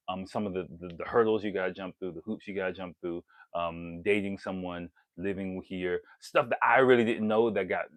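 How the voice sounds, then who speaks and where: A man with a fairly low voice talks casually to his viewers, rambling, restarting sentences and chuckling as he goes. The sound is dry and close, with no room around it. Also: no echo. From lives in Japan. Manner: rambling, laughing, self-interrupting, frank. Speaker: vlogger on dating in Japan. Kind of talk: casual talk to camera.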